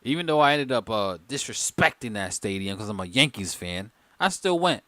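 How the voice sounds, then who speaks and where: A tipsy man runs a casual livestream, joking with the chat in a very lively, swooping voice. The sound is close and dry, with no room around it. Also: on the low side, moderate pace, no room sound. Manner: loose, joking, chatting with viewers in the chat. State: tipsy from wine. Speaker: livestream host. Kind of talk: casual live-stream chat.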